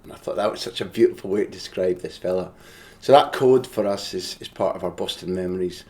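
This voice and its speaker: A man hosting a podcast, chatting and reminiscing in a relaxed interview. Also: deep voice, fairly quick. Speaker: podcast host. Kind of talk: casual interview.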